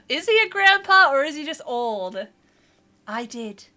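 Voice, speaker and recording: Young woman, bright and slightly high voice, playful let's-play host reading game dialogue aloud between jokes. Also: big pitch swings, unhurried. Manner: playful, joking asides and frequent laughter. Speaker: streamer playing a game.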